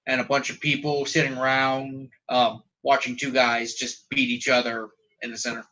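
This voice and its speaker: A man's voice: medium pitch, flat delivery, moderate pace, sharp tone, low-quality recording. A man running a tabletop game as game master, narrating in a casual, rambling way.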